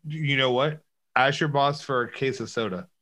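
A man's voice: mid-range voice, moderate pace, sharp tone. A man co-hosting a podcast in casual chat, teasing his co-hosts with dry remarks. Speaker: podcast co-host.

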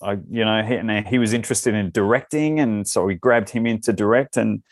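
A man's voice: lowish voice, a little fast, dry recording. A man with an Australian accent, talking as an actor guest in a casual interview and giving loose, rambling answers that circle back on themselves.

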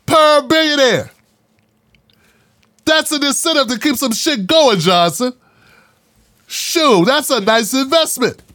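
A man with a high voice talks straight to his audience in a loose, sarcastic monologue, full of slang and mocking asides. His voice is close and dry, with no room around it. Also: lively intonation, slow pace, pauses often, pushed and bright, no echo. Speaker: political commentary host. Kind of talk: casual commentary monologue.

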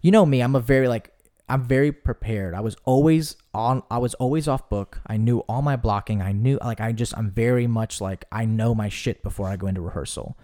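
A young podcast guest tells stories in a casual chat, rambling animatedly with plenty of filler words. He speaks a little fast in a mid-range voice.

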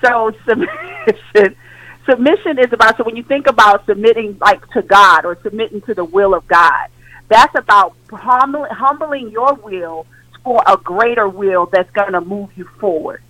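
A woman's voice: medium pitch, expressive, normal speed, sharp tone, dry recording. A woman calling in to a radio talk show, speaking directly and pressing with questions. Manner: direct, questioning, laughs while talking. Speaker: caller. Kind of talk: call-in radio discussion. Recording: phone line into radio show.

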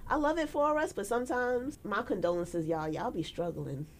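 A woman's voice: mid-range voice, normal speed, a little hiss or hum. A woman, hosting a casual podcast and telling stories, acting out the people she quotes. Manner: animated storytelling, acting out quotes. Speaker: podcast host.

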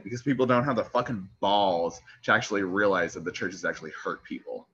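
Feisty, swearing young man, bright tone. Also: sits low, fast. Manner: animated, swears a lot, gets feisty. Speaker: podcast co-host. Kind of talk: casual chat. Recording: dull lo-fi podcast audio.

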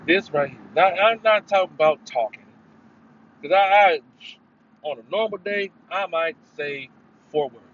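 A man hosting a casual solo podcast talks a little slowly in a high, fairly bright voice. Rambling and swearing, he punctuates things with sudden emphatic bursts, and the sound from his headphones mic is dull, lo-fi, and faintly noisy.

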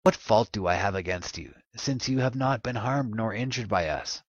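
A man's voice: fairly low pitch, animated, normal speed, dry recording. A man reading the part of Adam, the grieving first man, crying out in lament over music. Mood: anguished. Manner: lamenting, pleading cries. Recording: muffled podcast audio with music behind.

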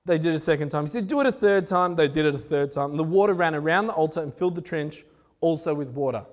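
A man preaching a sermon, retelling scripture in a lively, conversational way with chatty asides. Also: fairly high pitch, quick pace. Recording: echoey hall.

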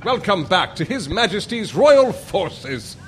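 An actor playing a jovial, chummy upper-class British army officer with a put-on British accent. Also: male voice, sits high, big pitch swings, slow pace, slight background noise, heavily acted. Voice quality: chummy, plummy.

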